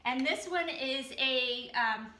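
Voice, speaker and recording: A woman from the Boston area hosting a casual cooking demo and giving relaxed healthy-eating advice with frequent ums. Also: high-pitched, takes it slowly, reverberant, a crowd in the background. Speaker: health program host.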